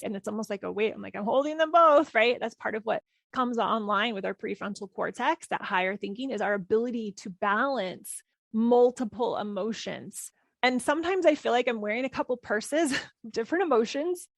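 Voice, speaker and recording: A woman in her thirties hosting a parenting podcast, talking calmly and reflectively, gently repeating key phrases. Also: fairly high pitch, no echo. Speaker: parenting coach and podcast host. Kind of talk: reflective solo podcast talk.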